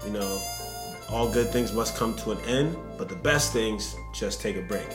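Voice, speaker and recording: A low-voiced man hosts a casual podcast, easygoing and playful as he chats with his co-host. The sound is echoey, with music clearly playing in the background. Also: moderate pace. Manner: laid-back, playful. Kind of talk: casual chat.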